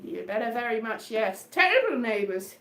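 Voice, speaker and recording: Woman, high-pitched, whimsical and rambling solo performer; echoey room with faint guitar. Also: very animated, normal speed. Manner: whimsical, playful, wandering off on tangents. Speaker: solo live-stream performer. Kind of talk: rambling improvised comic chat between songs. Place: indoor room.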